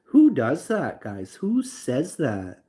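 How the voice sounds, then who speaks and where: A man's voice: medium pitch, wildly swooping pitch, takes it slowly, mellow. A young man talking loosely to his live stream audience, rambling with lots of fillers and reading chat aloud. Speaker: livestream host.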